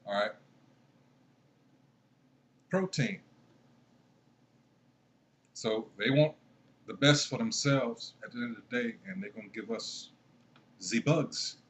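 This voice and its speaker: A man's voice: lowish voice, normal speed, fairly bright tone. A man commenting casually on a video, rambling and trailing off as he searches for things.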